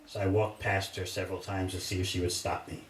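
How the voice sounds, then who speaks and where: An older man, a monk, giving an animated storytelling sermon in a temple hall, with listeners laughing. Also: low-pitched, brisk. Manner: animated anecdotes, laughing audience. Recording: echoey hall, distant mic, faint hiss. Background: audience laughter.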